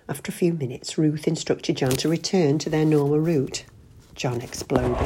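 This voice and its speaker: A woman narrating a short story in a plain, steady manner. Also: extremely low pitch, moderate pace, breathy edge.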